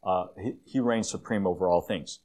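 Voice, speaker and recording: A man with a fairly low voice preaching a relaxed, conversational sermon. He teaches from slides, calls himself long-winded, and often fills pauses with "um" and restarts phrases. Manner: conversational, with frequent fillers and restarts; self-described as long-winded. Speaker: guest preacher.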